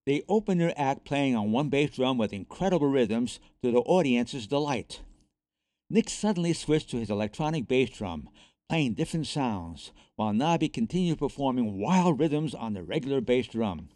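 A man reads a children's chapter book aloud, expressive and animated. His pitch swings widely through the lines, and the recording is dry with no room sound. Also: moderate pace, dry recording. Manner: lively, expressive read-aloud. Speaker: narrator. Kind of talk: storybook reading.

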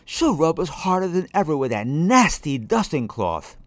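Brief: snappy, fretful violin, read by a man, storybook, wide pitch swings. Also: big pitch swings, normal speed, dry recording.

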